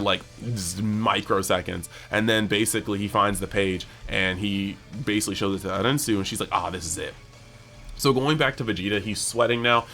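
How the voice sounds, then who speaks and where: Dude w a lowish voice hyping up an anime ep, says like a lot, faint music behind. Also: male voice. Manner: excitable, heavy use of "like". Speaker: anime channel host. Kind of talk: casual episode breakdown.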